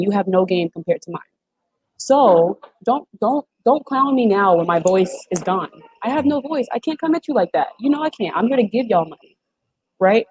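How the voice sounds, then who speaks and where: Young woman, twenties, husky voice, emphatic slangy chat, video call interview. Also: mid-range voice, a little mellow, no echo, low-quality recording. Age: 20s. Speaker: guest, former reality show contestant.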